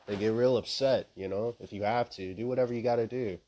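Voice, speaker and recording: Speaking fast and close to the mic, a young man vlogs an off-the-cuff, profanity-laced rant full of fillers and wry chuckles. His voice is fairly low, warm and fairly even in intonation, with slight background noise.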